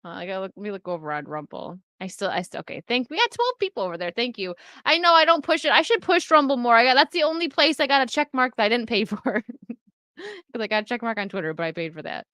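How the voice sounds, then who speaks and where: A woman with a bright, forward voice chats casually on her livestream, answering chat and laughing often. She speaks into a close desk microphone in a dry, dead-sounding room with no echo. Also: a little high, very animated, quick pace. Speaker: streamer chatting with live chat.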